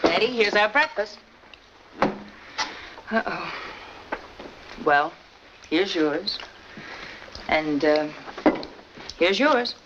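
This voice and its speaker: A woman's voice: on the low side, animated, drawn-out words, long pauses, noisy background. An actress playing a sensible, wry wife and mother in a 1940s film. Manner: dry, wry, patient. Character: sensible wry housewife, adult. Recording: dull old film soundtrack with music.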